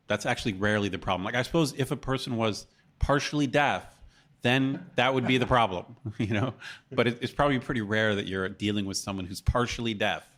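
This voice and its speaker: A man's voice: on the low side, a bit bright. A man co-hosting a casual podcast, rambling and self-deprecating with lots of fillers. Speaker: podcast co-host. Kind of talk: casual chat.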